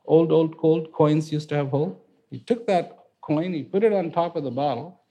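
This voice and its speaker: A man telling folk parables in a casual, animated way, with conversational fillers. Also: fairly high pitch, normal speed. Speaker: storyteller. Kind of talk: casual spoken storytelling.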